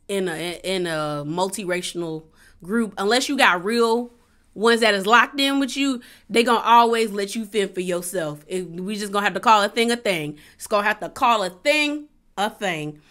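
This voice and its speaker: A woman vlogger giving casual, blunt and opinionated commentary on a reality TV episode, talking in an animated, slangy way. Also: mid-range voice.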